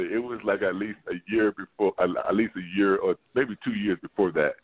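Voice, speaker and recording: A man, a former football player, tells a rambling, animated story as a guest on a sports show, filling it with "like" and restarts. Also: on the low side, a little fast, breathy edge. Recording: tinny phone line.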